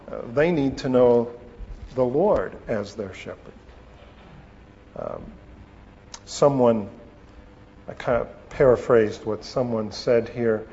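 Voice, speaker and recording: A man teaching a sermon on scripture, with a slow, deliberate delivery and pauses. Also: medium pitch, a little mellow. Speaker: preacher. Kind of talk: expository Bible teaching. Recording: long reverb, dull lo-fi sound.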